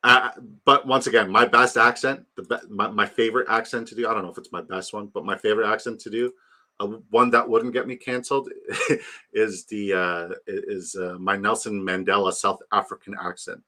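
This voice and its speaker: A man's voice: fairly low pitch, steady tone, normal speed, bright, forceful tone. A young man chatting casually on a fantasy football stream, rambling and joking, swearing freely. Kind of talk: casual live-stream chat.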